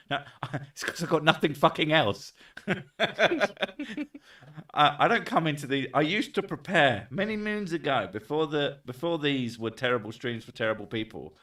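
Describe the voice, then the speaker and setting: A man's voice: fairly high pitch, fairly bright tone. Guy rambling on a livestream, swears a lot, laughs, sounds a bit far from the mic. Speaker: streamer. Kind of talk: casual livestream chat.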